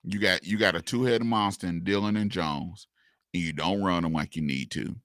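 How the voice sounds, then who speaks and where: A man co-hosting a sports talk radio show, talking casually and excitedly, often repeating words. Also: low voice, moderate pace, dry recording. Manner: animated, laughing, repeats words, southern US slang.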